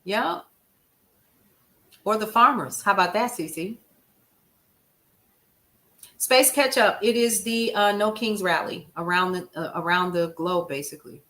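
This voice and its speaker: A woman's voice: mid-range voice, lively intonation, unhurried, long pauses, a bit bright. A woman hosting a casual news recap live stream, chatting with her viewers and answering their comments in an emphatic, conversational way. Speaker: livestream news show host.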